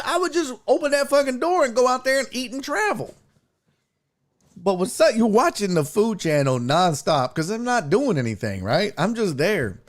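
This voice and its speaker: A man hosting a stream, telling stories in casual chat with profanity and big, lively swings in his voice. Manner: animated, profane storytelling with big pitch jumps. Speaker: streamer host.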